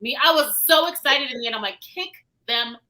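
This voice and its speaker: Bright, enthusiastic woman in book chat. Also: sits high, quick pace. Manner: enthusiastic, full of "like". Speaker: book club member. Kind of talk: casual chat.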